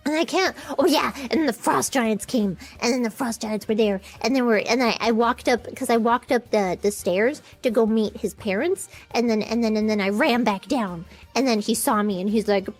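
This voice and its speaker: A woman's voice: fairly high pitch, moderate pace, few pauses, soft background music. A woman streamer telling a story in a casual, rambling way, often giggling and restarting her sentences.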